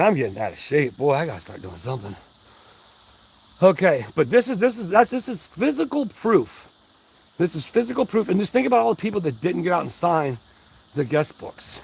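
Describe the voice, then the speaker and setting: A man's voice: on the high side, rough recording. A man hosting a casual livestream, rambling in a folksy way and greeting his chat by name. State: out of breath. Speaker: livestream host. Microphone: wireless mic worn on body.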